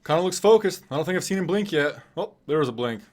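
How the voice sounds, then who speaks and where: A man's voice: on the high side, animated, quick pace, a little mellow. A man from Nebraska hosting a live fight stream, commenting casually with a chatty, self-deprecating, wry manner. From Nebraska, USA.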